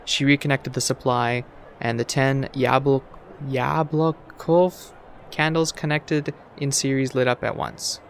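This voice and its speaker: Gravelly man reading a game aloud. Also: mid-range voice, level tone, unhurried, slight background noise. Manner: reads aloud with stumbles and asides. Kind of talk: let's play reading aloud.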